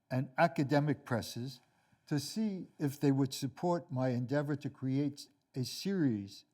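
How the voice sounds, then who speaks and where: Older male lecturer, deliberate and wry, very slow delivery at an average pitch. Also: mellow. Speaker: lecturer, author. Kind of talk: read lecture and storytelling.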